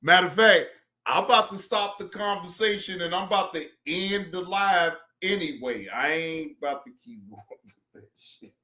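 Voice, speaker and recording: A man's voice: high voice, animated, moderate pace, bright, forceful tone, reverberant. A man hosting a casual live-stream reaction show, who laughs often, swears freely and repeats himself.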